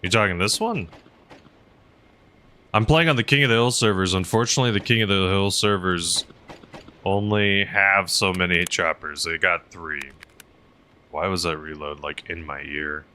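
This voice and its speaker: A man's voice: low-pitched, normal speed, pauses often, sharp tone, slight background noise. A young man streaming a game, chatting casually while he flies and reads chat, rambling with lots of fillers. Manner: rambling, filler-heavy, laughs often. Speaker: streamer flying a helicopter.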